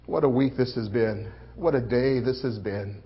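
A man playing a grieving male disciple in a dramatic first-person sermon, swelling loud for the crowd and sinking hushed and low. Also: normal speed, husky. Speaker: preacher in first-person monologue. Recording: muffled lo-fi recording.

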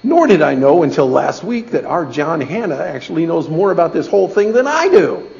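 A man's voice: on the high side, sing-song, a little fast, vocal fry, a little mellow. A middle-aged man telling a personal story to a church gathering, folksy and conversational, often asking "okay?". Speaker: speaker giving a testimony in church. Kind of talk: storytelling sermon. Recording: dull lo-fi recording.

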